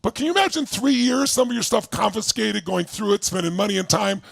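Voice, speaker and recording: A middle-aged man telling a story to an audience, acting out his partners' voices and shouting when he quotes anger. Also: sits high, a little fast, no echo. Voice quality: gravelly, husky voice. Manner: animated, shouting while acting out angry quotes. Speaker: motivational speaker.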